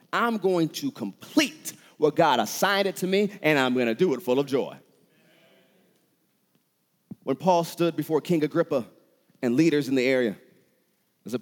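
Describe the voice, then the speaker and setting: A man preaching a sermon as pastor, with impassioned delivery that builds to shouted peaks. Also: mid-range voice, big-room sound.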